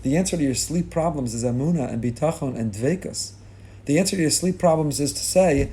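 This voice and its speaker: A middle-aged rabbi giving a sermon with rising emphasis, mixing in Hebrew and Yiddish religious terms. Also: male voice, on the high side, fairly quick, warm tone. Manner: impassioned, rising emphasis on key lines.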